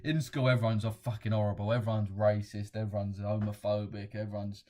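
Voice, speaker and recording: Fairly quick and level, this young man's lowish, slightly mellow voice hosts a laid-back trading livestream. He reads viewer comments out loud with chuckles, talking bluntly in slang and cursing without restraint.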